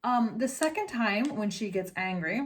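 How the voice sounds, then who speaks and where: A woman teaching singing in a relaxed, chatty way, breaking off to sing short demonstration lines. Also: mid-range voice, normal speed. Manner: chatty, explanatory, with sung demonstrations. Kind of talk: casual vocal lesson.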